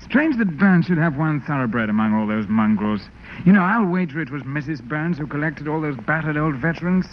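A man's voice: a little high, expressive, a little fast. A British man in 1940s radio comedy, polished, courteous and dry. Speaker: guest star. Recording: muffled old radio broadcast with hiss.

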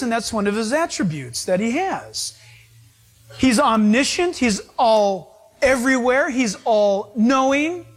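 A man preaching a sermon to his congregation, emphatic and slowing down to stress his points. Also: extremely high pitch. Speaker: pastor.

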